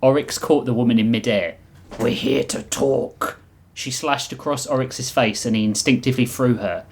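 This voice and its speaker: A man's voice: medium pitch, fairly quick, slight background noise. A man on a podcast reading his own comic sci-fi story aloud, often chuckling at his own lines.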